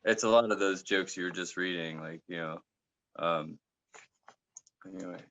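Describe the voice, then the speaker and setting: A man co-hosting a podcast in casual chat, rambling and halting with restarts. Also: low-pitched, a bit bright, no room sound, muffled recording. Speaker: podcast co-host.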